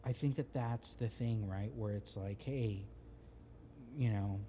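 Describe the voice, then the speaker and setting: A man with a mellow, dark-toned voice talks casually as a podcast guest, rambling loosely and using slang. Faint background noise sits under the talk. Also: lowish voice, normal speed.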